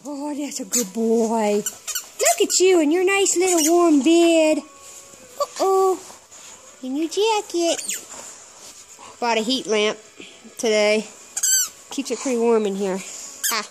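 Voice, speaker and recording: A woman's voice: a little high, noisy background. A woman filming her dog in its kennel and talking to it in sing-song, coaxing baby talk, with plenty of repetition. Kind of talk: casual video talking to a pet.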